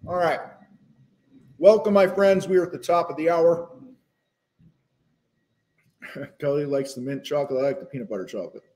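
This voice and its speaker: Pausing often at a moderate pace, a man with a fairly high, darkish voice hosts a live stream about selling. He talks loosely, using many fillers and restarting sentences, and now and then eats as he speaks. A phone serves as the microphone.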